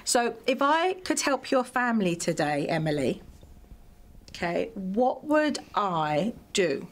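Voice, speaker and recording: A woman's voice: mid-range voice, big pitch swings, slow pace. A woman hosting as a parenting expert, talking directly and probingly with parents and children, often repeating phrases for emphasis. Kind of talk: coaching talk with parents and children.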